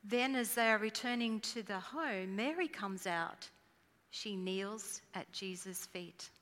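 A woman preaching a sermon in an earnest, measured way, dropping her voice at solemn lines. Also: mid-range voice, fairly bright tone, big-room sound.

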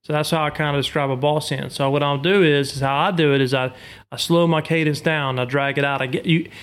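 A man's voice: on the high side, steady tone, fast, a bit bright, clear, resonant tone. Man explaining duck calling. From Arkansas. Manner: explains technique with homely comparisons, repeats himself. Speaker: duck call maker and hunter. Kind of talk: instructional podcast talk.

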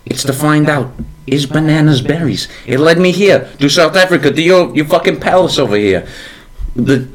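Man, comedy podcast host, rambling improv, lively slightly high voice. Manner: laughing a lot, playing a rambling detective. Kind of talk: improvised comedy role-play.

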